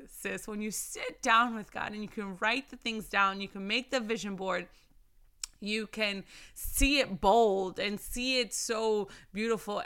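A woman's voice: on the high side, bright, forceful tone, clean tone. A woman giving a casual faith devotional talk, fervent and emphatic, repeating phrases for emphasis.

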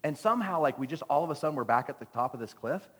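His fairly high, husky, slightly bright voice races along with lively intonation. A pastor in his church sanctuary, he preaches a playful sermon, joking with the congregation as he tells a story, with long church-hall reverb behind him.

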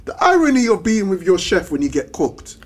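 A man hosting a podcast in casual chat, telling stories in slangy, animated talk. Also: high voice, brisk. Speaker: podcast host.

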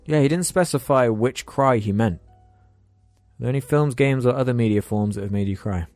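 A man's voice: mid-range voice, moderate pace, a little mellow, dry recording, faint music behind. A man co-hosting a podcast, chatting casually and joking with friends. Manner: joking, laughing, sweary. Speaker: podcast co-host. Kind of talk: casual chat.

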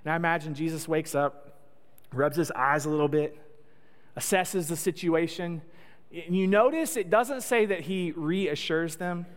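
A man's voice: on the high side, a little slow. A man preaching a sermon in a conversational, joking storytelling way. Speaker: pastor. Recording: long echo of a large hall.

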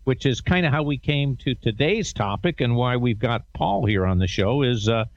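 A man hosting a casual radio talk show, relaxed with frequent hesitations. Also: mid-range voice, normal speed, dry recording, lo-fi sound.

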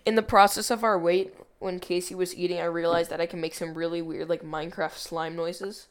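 A young woman co-hosting a casual podcast with friends, teasing and blunt with deadpan jokes. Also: lowish voice, brisk. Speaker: podcast co-host. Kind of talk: casual chat among friends.

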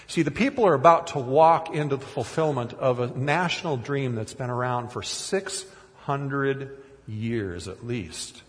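A man's voice: medium pitch, measured pace, long reverb tail. A man from Minnesota preaching a sermon in church, conversational and self-deprecating, with frequent restarts and asides. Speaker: pastor. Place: church sanctuary.

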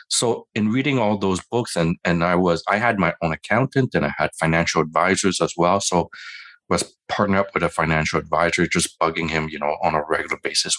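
A physician in his forties tells a self-deprecating story in a relaxed podcast interview. His voice sits very low. He slips into the voices of the people he quotes as he goes. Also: a little fast. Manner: candid, self-deprecating, acts out quoted dialogue.

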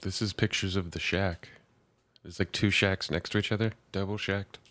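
Deep-voiced, laid-back man. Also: fairly even intonation, normal speed, fairly bright tone, no echo, studio quality. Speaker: podcast co-host. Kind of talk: casual chat.

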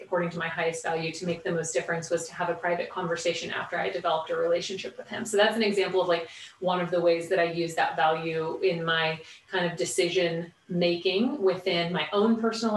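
A woman's voice: on the low side, fast talker, a little hiss or hum. A woman talks candidly and at length as a podcast guest, piling up fillers and quoted asides as she tells her stories. Her voice sits a little back from the mic, and the room around her rings noticeably. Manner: candid, animated storytelling with many fillers. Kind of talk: casual interview conversation. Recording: roomy, distant mic.

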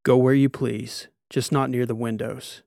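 A man's voice: medium pitch, flat delivery, a little slow, gravelly, a little mellow, dry recording. A man reading an audiobook, playing a dry, sardonic, commanding male squad leader. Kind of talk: audiobook character voice.

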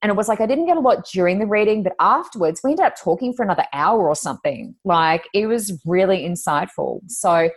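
An Australian woman, a psychic medium and podcast co-host, chatting casually and telling animated stories with high-pitched exclamations. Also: fairly quick, hardly any pauses, breathy edge. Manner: animated storyteller, acts out quotes with high exclamations. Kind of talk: casual chat.

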